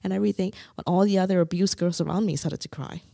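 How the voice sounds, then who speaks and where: A young woman from Singapore calmly and candidly telling a painful personal story as a podcast guest. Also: fairly low pitch, quick pace, gravelly, dry recording, clean studio sound. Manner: candid, quietly recounting painful memories.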